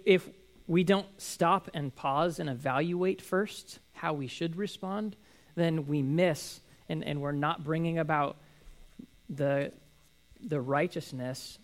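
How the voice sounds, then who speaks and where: A man in his thirties giving a casual, conversational sermon, telling family stories with acted-out quotes. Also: on the high side. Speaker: pastor.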